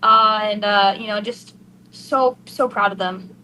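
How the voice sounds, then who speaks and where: A woman's voice: mid-range voice, a little slow, a little hiss or hum, rough recording. A young woman racing driver, gushing and tearful in an emotional post-race interview. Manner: excited, gushing, breathless with emotion.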